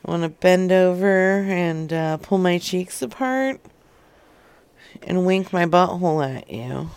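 A brash, tipsy woman caller, as a man puts her on for a prank call, drawling slowly. Her speech is crude and unhurried, and the tone stays smooth and clear. The sound is dry and close to the mic. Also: sits high, a little mellow, no echo. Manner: slow, drawling, lewd come-ons.

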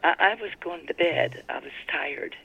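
A woman's voice: lowish voice, normal speed, vocal fry, a bit bright, a little hiss or hum. An older woman answering a prank call, polite and hesitant, repeating herself. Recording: muffled phone line.

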